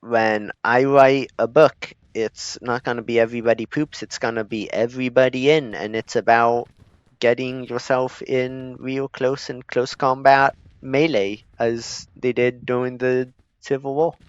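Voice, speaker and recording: A man's voice: mid-range voice, flat delivery, unhurried, clean tone, no room sound. A man giving casual, joking gameplay commentary as a streamer, chuckling and talking to his units. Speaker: gaming streamer. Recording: dull lo-fi mic.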